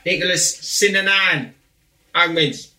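A man co-hosting a podcast, telling stories in a bright, forceful voice that sits a little high. He acts out other people's lines. He sounds roomy and set back from the mic, with faint noise underneath. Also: slow. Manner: animated storyteller, acts out quotes. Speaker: podcast co-host. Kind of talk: casual banter. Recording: echoey room, mic at a distance.

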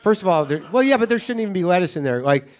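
A man's voice: high-pitched, lively intonation, rapid-fire. A man hosting a podcast, telling an exasperated, profane story in a casual comedic monologue. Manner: ranting, profane, incredulous storytelling. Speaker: podcast host.

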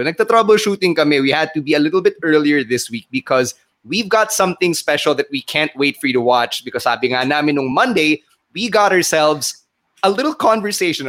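A man's voice: on the high side, fairly bright tone. A man co-hosting a wrestling podcast, chatting casually and switching between English and Tagalog. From Philippines. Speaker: podcast co-host. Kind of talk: casual chat.

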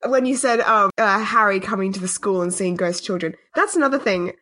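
Animated, bright-voiced woman. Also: medium pitch, fairly quick. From Australia. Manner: animated, sweary, laughs often. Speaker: podcast co-host. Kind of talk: casual chat.

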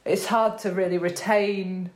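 A woman's voice: medium pitch, steady tone, a little slow, darkish tone. A middle-aged woman as a guest in casual chat, playful and self-mocking, laughing easily, recorded in her own home. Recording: roomy home recording over remote link.

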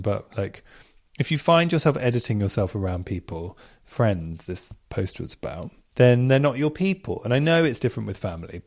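A man hosting a chatty podcast, talking casually and reading out listener stories. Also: fairly low pitch. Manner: chatty, animated, reads out listener messages. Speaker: podcast host. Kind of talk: casual chat.

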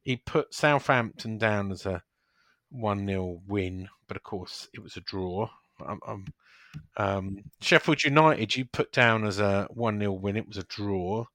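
Man, football podcast host, low voice, dry close sound, chatty. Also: measured pace, fairly bright tone, no room sound. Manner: chatty, reads fixtures and scores, laughs often. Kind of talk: casual football podcast chat.

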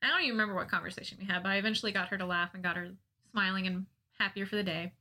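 A young woman casually telling a funny personal story, often laughing at herself in a self-mocking, animated way. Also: medium pitch, racing.

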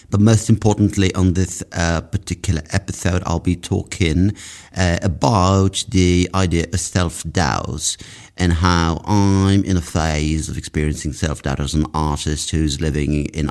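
Young comedian guy rambling dry and self-mocking, very low gravelly voice. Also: a little mellow. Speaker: comedian and podcast host. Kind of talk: casual comic monologue.

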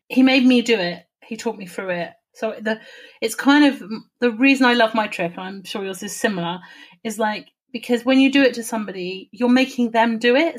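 Chatty woman telling a story. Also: fairly high pitch. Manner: animated storytelling with swearing and laughter. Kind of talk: casual chat.

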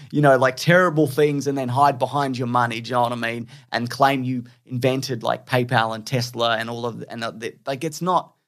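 A man's voice: mid-range voice, steady tone, moderate pace. A man co-hosting a podcast in casual chat, rambling with lots of fillers and restarts, blunt and scornful. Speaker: podcast co-host.

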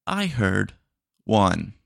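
A man's voice: lowish voice, very animated, creaky, no room sound, clean studio sound, exaggerated voice. Man doing a stiff robot drive-thru assistant. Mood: flat robotic. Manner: slow, overly formal, announcing. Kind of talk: comedy bit on a podcast.

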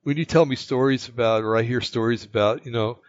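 A man from the United States telling a personal story in casual chat, rambling and halting, with many fillers and restarts. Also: mid-range voice, no room sound. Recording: dull lo-fi, dry sound.

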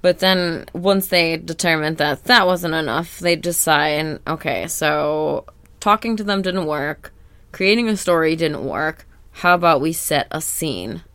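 A woman's voice: low voice, a little slow, fairly bright tone, clean tone, no room sound. A woman co-hosting a podcast, recapping a cartoon episode in casual, rambling chat. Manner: chatty, rambling with fillers. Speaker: podcast co-host.

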